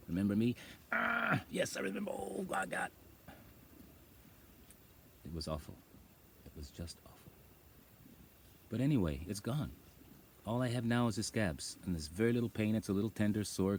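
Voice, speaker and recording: A man's voice: low voice, mellow, a little hiss or hum. A man vlogging outdoors on a rural farm, rambling in casual talk and laughing as he acts out voices.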